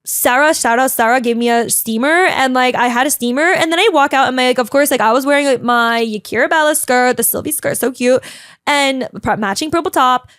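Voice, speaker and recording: A chatty, dramatic young woman telling a casual vlog story, full of "like" and quick asides. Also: sits high, a bit bright, clear, resonant tone, dry recording, clean studio sound. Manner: chatty and bubbly, heavy use of "like", dramatic; talks a lot, emotional. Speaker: vlogger.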